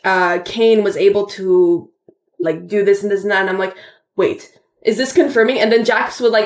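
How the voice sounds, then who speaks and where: A woman's voice: medium pitch, moderate pace, echoey room. A woman chatting casually and animatedly, retelling what happened with bursts of laughter. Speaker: co-host reacting to a show finale. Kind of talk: casual chat.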